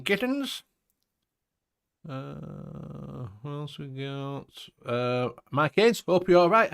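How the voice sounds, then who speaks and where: Lively man hosting a livestream. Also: a little high, gravelly. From United Kingdom. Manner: jokey, swears freely, greets chat viewers. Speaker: host. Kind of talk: casual livestream chat.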